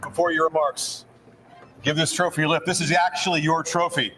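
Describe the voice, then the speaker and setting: A man's voice: a little high, level tone, a little fast. A man presenting an award, upbeat and instructive. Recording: distant mic, loud music and crowd.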